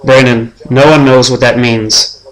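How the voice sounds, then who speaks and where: A young man hosts a homemade sports-show preview as his fantasy league's commissioner. He ribs each player in a dry, deadpan tone. His voice sits at a medium pitch. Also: unhurried, low-quality recording. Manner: deadpan trash talk.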